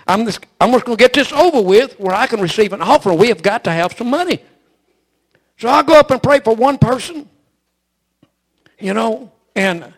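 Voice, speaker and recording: A man preaching a storytelling sermon, folksy and emphatic, repeating his phrases and adding "amen.". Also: high voice.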